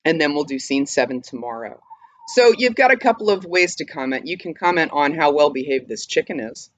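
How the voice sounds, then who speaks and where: A woman teaching literature in a casual online lesson. She speaks in a thoughtful, musing way and pauses often with hesitant fillers. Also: sits low, expressive, no echo.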